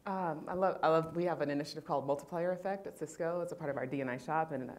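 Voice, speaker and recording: Panel speaker, woman, low register, heartfelt and emotional storytelling. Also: very fast. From California.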